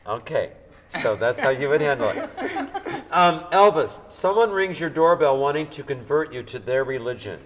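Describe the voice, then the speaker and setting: A man from Minnesota hosting a comic talk show, lively and talkative, joking and drifting off topic. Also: a little high, normal speed. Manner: lively, talkative, jokey, digresses.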